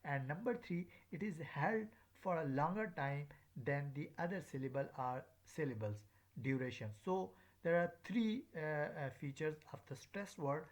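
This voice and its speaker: A man's voice: on the high side, normal speed. A man giving a recorded lecture as a teacher, speaking in a hesitant way with many filler sounds.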